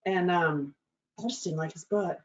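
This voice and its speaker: A woman's voice: fairly low pitch, moderate pace. Frank laughing woman storyteller. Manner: bubbly, laughing often, frank and crude. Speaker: show host telling a personal story. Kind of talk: candid comic storytelling. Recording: slightly dull lo-fi recording.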